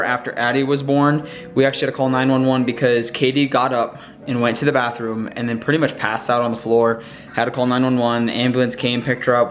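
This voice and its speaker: A young father talks to his camera at home. He rambles and sounds worried, with lots of little fillers. It is easygoing, casual vlog chat. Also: medium pitch. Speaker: vlogger dad. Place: family home, indoors.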